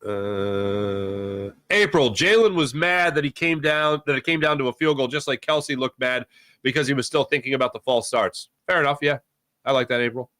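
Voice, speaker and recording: A man hosts a sports talk live stream, rambling and joking as he reads out chat comments and reacts to commenters' names. His mid-range voice sounds pushed and bright in a dry, studio-quality recording.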